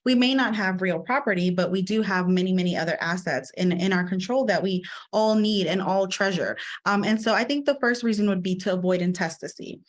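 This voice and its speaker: Young woman from dc, paralegal on a podcast, explains stuff earnestly, mid pitch. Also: a little fast, hardly any pauses. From Washington, D.C. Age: young adult. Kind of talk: casual interview answers.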